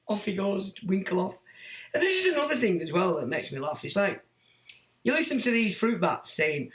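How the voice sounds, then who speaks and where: A middle-aged man holds forth on a casual livestream, reading viewers' comments and mocking them in a blunt, crude way. His voice sits fairly high for a man. The sound is roomy and echoey. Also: big pitch swings, moderate pace, a bit bright. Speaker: livestream host. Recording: echoey room.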